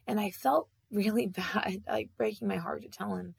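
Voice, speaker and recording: A woman with a strongly gravelly, husky voice tells a personal story. She speaks haltingly, with many fillers and restarts, in a dry, close sound with no room echo. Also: medium pitch.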